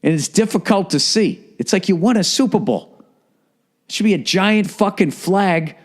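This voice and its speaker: A man rants through a solo podcast, swearing freely and throwing in sarcastic asides. His voice sits a little high for a man. He comes from the Boston area and talks in a loose, fired-up monologue. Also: animated, normal speed. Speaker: podcast host.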